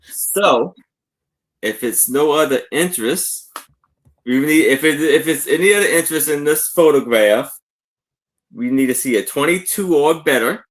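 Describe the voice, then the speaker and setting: A man co-hosting a live online sale, describing an old framed photo in slow, halting talk full of fillers. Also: on the high side. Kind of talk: casual live sale chat.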